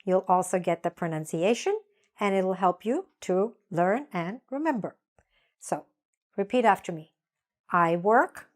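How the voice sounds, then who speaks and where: A woman teaching English grammar in a patient way, saying example sentences slowly so learners can repeat them. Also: mid-range voice, expressive, darkish tone. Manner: slow, patient, spells out examples slowly for repetition. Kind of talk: grammar lesson with repeat-after-me drills.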